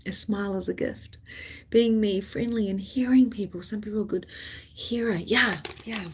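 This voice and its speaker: A woman's voice: medium pitch, steady tone, normal speed, husky. A woman psychic medium hosting a live stream, chatting casually in a rambling, candid way and swearing freely.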